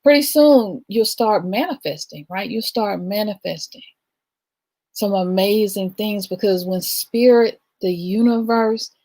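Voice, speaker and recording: A middle-aged woman hosts a livestream, giving an emphatic spiritual talk to a live audience with a rhythmic delivery and a frequent "right?". Her voice is medium in pitch and dark in tone, and she speaks unhurriedly.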